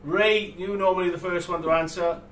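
A man's voice: high voice, steady tone, brisk, a bit bright, recorded from a distance. A man hosting a live model-making stream, chatting casually and laughing a lot, with many restarts and fillers. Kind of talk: casual livestream chat. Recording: echoey room, voice from off the mic, faint room noise.

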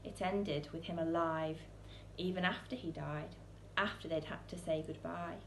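Female storyteller reading a children's book aloud, expressive, low-pitched, roomy church with faint hiss. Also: unhurried, creaky. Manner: expressive, with soaring questions and hushed lines.

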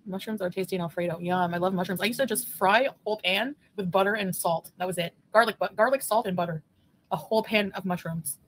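A woman's voice: medium pitch, fast talker. A woman livestreaming, chatting casually and answering viewers with frequent giggles.

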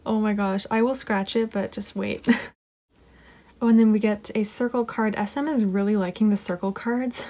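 A woman chatting casually at her desk while unboxing an album, excitable and giggly, often gushing and sometimes dropping to a whisper. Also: medium pitch, moderate pace. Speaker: unboxing vlogger. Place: home desk.

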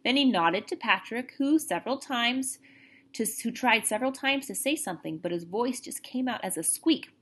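A woman's voice: a little high, moderate pace, breathy edge. Woman reading a storybook aloud. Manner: expressive, lively narration.

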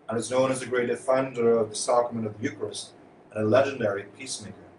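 A man, a priest, reading the Gospel and giving a homily at Mass with measured, steady delivery. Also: mid-range voice, a little hiss or hum. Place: church. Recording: echoey church from far off.

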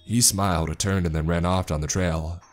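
A male narrator reading a horror story aloud in a steady, matter-of-fact way. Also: low voice, moderate pace, faint music behind.

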